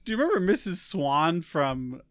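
A man's voice: on the high side, moderate pace, no room sound, studio quality. A man co-hosting a tabletop gaming podcast, bantering playfully and laughing a lot. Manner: playful, laughs often, animated. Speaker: podcast co-host.

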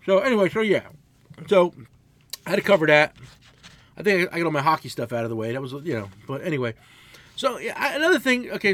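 A man in his forties co-hosting a casual podcast, telling loud, profane stories. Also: fairly high pitch, no echo. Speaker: podcast co-host, mechanic.

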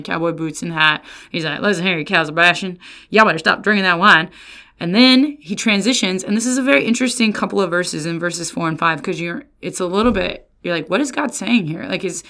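A woman pastor giving a casual Bible lesson, lively and often slipping into sarcastic quoted voices. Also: lowish voice. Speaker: pastor and resident theologian.

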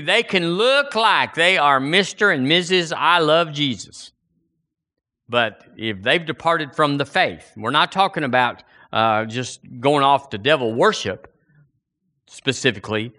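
Male preacher, high and bright, animated sermon delivery. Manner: animated preaching, swinging pitch and volume.

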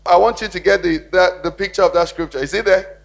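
High-voiced pastor preaching. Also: male voice, fairly quick, gravelly. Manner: preaching with call-and-response questions to the congregation. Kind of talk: sermon. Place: church.

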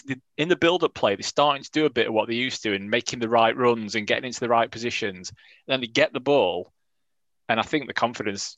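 A man's voice: mid-range voice, fairly bright tone, no room sound. Man, blunt, dry close mic, casual football chat. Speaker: football podcast co-host.

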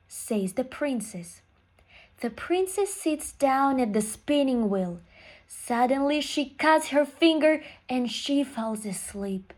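A woman reading a fairy tale aloud to young children. She speaks very slowly and clearly, in short, simple sentences. Her voice sits a little higher than most women's. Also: expressive, a little mellow.

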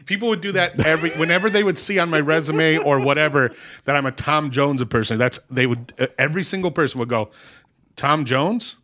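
Middle-aged man, comedian, rather high voice, animated and profane storyteller, casual chat. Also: quick pace. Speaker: comedian guest.

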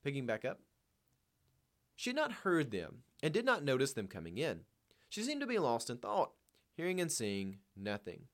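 A man's voice: mid-range voice, huge pitch swings, moderate pace. A man reading a novel aloud and then lecturing on it in an earnest, emphatic way. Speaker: reader and commentator.

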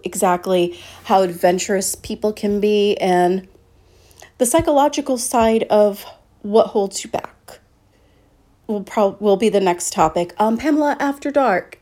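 Woman podcast host, solo casual monologue, mellow tone, blunt and profane, drifts between topics. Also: medium pitch. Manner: candid and blunt, swears freely, drifts off on tangents.

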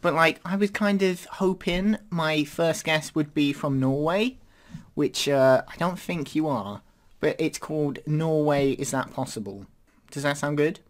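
A man's voice: a little high, a little slow. A man hosting a podcast in casual chat, rambling and hesitant with lots of fillers. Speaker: podcast host.

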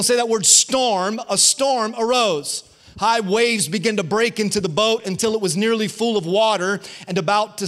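A man's voice: sits high, a bit bright. A man preaching a fervent online sermon as a guest pastor, calling out to his congregation.

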